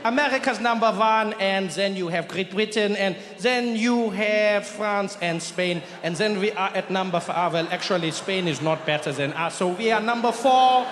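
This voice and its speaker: A man voicing a boastful man who keeps revising his country's rank, getting smugger and louder. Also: sits high, normal speed, hardly any pauses, roomy sound, slight background noise. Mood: smug, building. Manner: self-correcting, growing smug and loud. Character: boastful German man ranking his nation.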